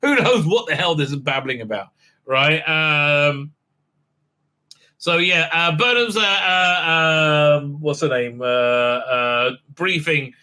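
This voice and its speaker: A show host with a fairly high, animated, sharp-toned male voice rambles through a casual recap of a TV episode. He halts often, piles on fillers, tosses in mocking asides, and acts out quotes in silly voices.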